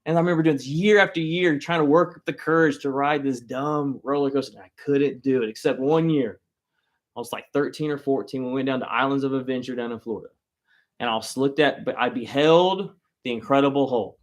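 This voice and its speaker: A man telling a funny personal story to a live audience, animated and self-mocking. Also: mid-range voice, fairly quick. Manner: animated, self-mocking, acts out loud quoted lines.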